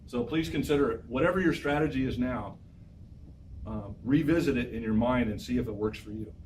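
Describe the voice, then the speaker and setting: A man teaches a college class, urging his students on with lively, repetitive exhortations. He sounds distant from the microphone. Faint room noise hums behind him. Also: mid-range voice, fairly quick. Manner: energetic, exhorting, repeats phrases. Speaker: professor. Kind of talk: classroom lecture.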